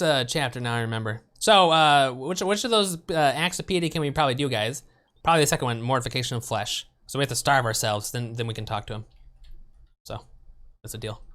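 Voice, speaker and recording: A man's voice: medium pitch, a little fast, a bit bright. A man streaming a retro game, thinking aloud in a rambling, unsure way and asking his viewers questions. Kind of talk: casual let's play commentary.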